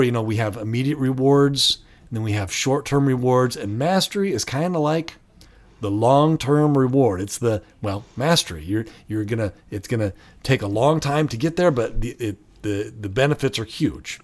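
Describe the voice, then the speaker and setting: A man's voice: medium pitch, normal speed. A middle-aged man co-hosting a podcast in casual chat, telling stories animatedly and acting out quotes. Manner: animated storytelling, acts out movie quotes. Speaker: podcast co-host.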